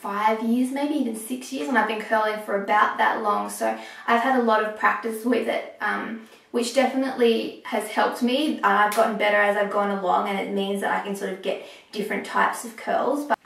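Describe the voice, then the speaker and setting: A young woman talking through a hair tutorial step by step, a little hoarse as she is losing her voice. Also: mid-range voice, fairly even intonation, fairly bright tone, far from the mic, a little hiss or hum. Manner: chatty, explaining step by step with pauses. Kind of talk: casual how-to talk while working. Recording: echoey room, voice off-mic.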